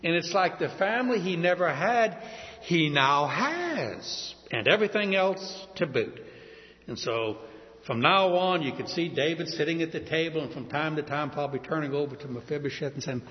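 A man in his fifties or older preaching a sermon, telling a Bible story with an animated delivery and slowing down to stress key words. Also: fairly high pitch. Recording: dull audio in a reverberant hall.

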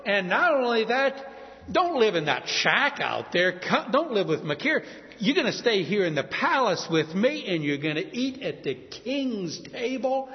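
A generous, reassuring old king, as a male preacher acts him out during a sermon, with a voice that rises high and swings widely. The sound is dull and echoes in a hall. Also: very animated, measured pace, full character voice. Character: kindly old king reassuring a young man. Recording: dull audio in a reverberant hall.

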